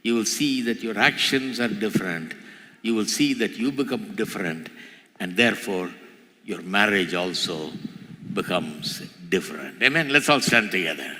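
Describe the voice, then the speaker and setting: A man preaching a sermon as pastor, his voice climbing in pitch and volume as he repeats phrases for emphasis. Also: animated, normal speed, bright, forceful tone. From India. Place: large church hall. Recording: church hall with long reverb.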